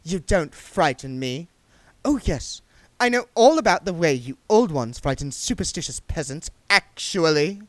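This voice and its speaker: A man voicing a scornful, condescending young female witch in a storybook reading, slow and cutting. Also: on the high side, sing-song, dry recording, pitched above the performer's own voice.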